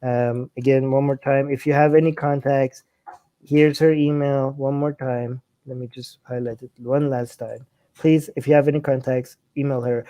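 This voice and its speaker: A man's voice: medium pitch, level tone, moderate pace, mellow. A man hosting a livestream, talking passionately and filling his speech with "like", his voice rising as he gets indignant. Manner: passionate, heavy use of "like", voice climbing when indignant. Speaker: show host. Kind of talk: livestream chat.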